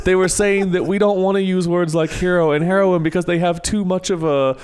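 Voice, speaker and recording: A man in casual podcast chat with a fairly high voice. His tone is smooth and clear, and he often restarts mid-sentence. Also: steady tone, a little fast, a little mellow. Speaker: podcast co-host.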